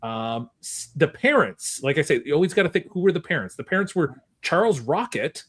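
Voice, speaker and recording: Guy hosting a podcast, kinda high voice, rambles thru movie trivia w lots of ums. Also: big pitch swings, a little fast, fairly bright tone, slightly rough. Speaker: podcast host running a movie trivia game. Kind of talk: casual chat.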